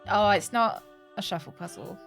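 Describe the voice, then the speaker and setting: A woman's voice: medium pitch, moderate pace, gravelly, fairly bright tone, faint music behind. A woman streaming a video game, chatting casually, laughing often and exclaiming at what she finds. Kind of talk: casual let's-play commentary.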